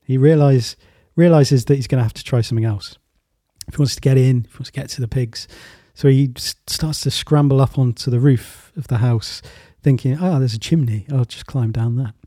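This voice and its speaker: A man telling a children's story in a relaxed, rambling way, as a talk host. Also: mid-range voice, a little fast, no echo, studio quality. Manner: relaxed, rambling with fillers and restarts.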